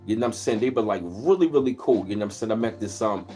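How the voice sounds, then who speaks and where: A man's voice: on the low side, quick pace, mellow, faint music behind. A man hosting a casual livestream, telling rambling, easygoing stories and greeting viewers in between. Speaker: livestream host. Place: at home, where he lives in Maryland.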